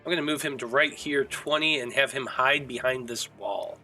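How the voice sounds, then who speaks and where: A man's voice: medium pitch, normal speed, sharp tone, faint music behind, rough recording. A man narrating as game master of a tabletop game in a casual, hesitant way with fillers.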